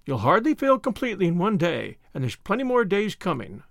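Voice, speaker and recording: A man's voice: sits high, huge pitch swings, vocal fry, a bit bright, no room sound, studio quality, heavily acted. A man voicing a stern, no-nonsense older woman guardian in a storybook reading. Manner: brisk, no-nonsense.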